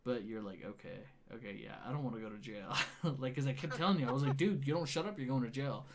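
Over a noisy background, a man with a mid-range voice talks at a quick pace. He's casually telling a friend about a wild night, swearing a lot and acting out the quoted dialogue.

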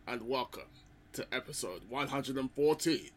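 A man's voice: medium pitch, expressive, normal speed, slight background noise. A man hosting a film podcast, opening with a scripted introduction and then chatting playfully with his co-hosts. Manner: playful, theatrical. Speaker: podcast host. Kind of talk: scripted show introduction and casual chat.

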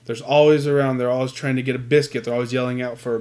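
A man's voice: mid-range voice, little pitch movement, fairly quick, darkish tone. Profane storytelling man, casual chat.

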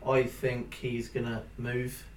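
A man's voice: mid-range voice, completely flat delivery, slow pace, crowd noise. A man guesting on a casual podcast chat, giving brief plain answers.

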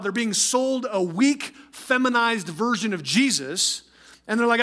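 A male pastor preaching a sermon in an energetic, emphatic way, often repeating phrases for stress. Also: very high voice, moderate pace.

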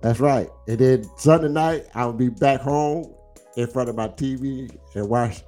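A man's voice: mid-range voice, measured pace, dark tone, soft background music. A middle-aged man, teasing his viewers in boisterous, laughing trash talk on a live stream. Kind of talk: casual live-stream banter.

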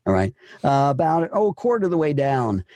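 A man's voice: a little high, big pitch swings, a little fast, mellow, no room sound. A man coaching a voice actor through a script, encouraging and repeating himself as he explains. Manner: encouraging, repeats words and restarts. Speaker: voice-over coach. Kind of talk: coaching session.

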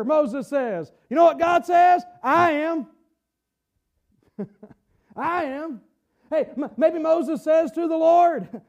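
Middle-aged guy preaching, really high voice, repeats himself and gets shouty. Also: animated, slow pace, creaky. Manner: emphatic preaching, rising to shouts, repeating phrases. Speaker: pastor. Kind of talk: sermon.

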